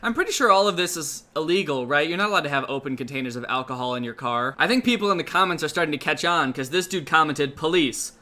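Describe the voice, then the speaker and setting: A young man giving sarcastic, deadpan comedic commentary on online videos, with sudden loud outbursts. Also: fairly high pitch, fast talker, hardly any pauses. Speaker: commentary youtuber.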